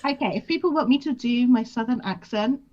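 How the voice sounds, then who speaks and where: A woman's voice: fairly high pitch, expressive, fairly quick, a little mellow, dull audio. A woman chatting as a guest on a livestream. She talks frankly and jokes at her own expense, with a lot of fillers. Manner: frank, self-deprecating, full of fillers. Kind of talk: casual chat on a livestream.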